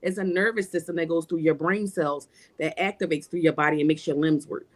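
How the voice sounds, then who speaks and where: A woman's voice: deep voice, steady tone, brisk. A woman guest on a livestream panel, speaking emphatically about spirituality in casual, repetitive, preacher-like runs.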